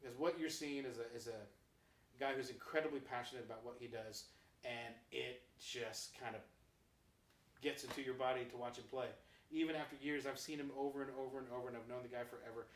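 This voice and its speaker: Man, show host, mid pitch, friendly and joking, distant mic, echoey room. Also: fairly even intonation, fairly quick, a little hiss or hum. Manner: friendly, joking, upbeat sign-off. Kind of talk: casual interview chat.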